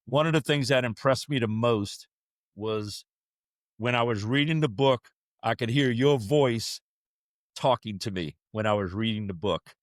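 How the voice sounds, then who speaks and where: Man, podcast host, chummy and enthusiastic, medium pitch, dry close sound. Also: fairly bright tone, no echo. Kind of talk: casual chat.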